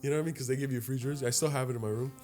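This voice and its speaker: A man's voice: medium pitch, rapid-fire, faint music behind. A man in his late twenties co-hosting a podcast, telling a story in casual chat, swearing freely and acting out other people's voices. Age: late 20s. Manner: animated, profane, acts out voices in stories. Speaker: podcast co-host.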